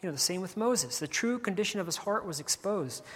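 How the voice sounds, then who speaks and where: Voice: medium pitch, animated, brisk, husky, big-room sound. A preacher giving a morning sermon from a church stage, filling nearly every phrase with "you know" and repeating key lines for emphasis.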